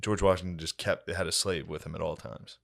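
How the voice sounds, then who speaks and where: A man hosting a podcast, telling a comedic story in an animated, casual way, swearing freely and laughing as he talks. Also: deep voice, brisk, creaky. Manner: animated, swears a lot, laughs mid-sentence. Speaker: podcast host.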